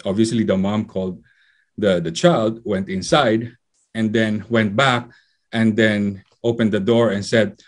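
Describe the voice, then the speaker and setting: A man delivers a sermon in a fairly low voice. He speaks conversationally, weaving personal stories into his teaching and leaning on fillers as he goes. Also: steady tone, unhurried. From Philippines. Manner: conversational, anecdotal preaching with fillers. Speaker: preacher.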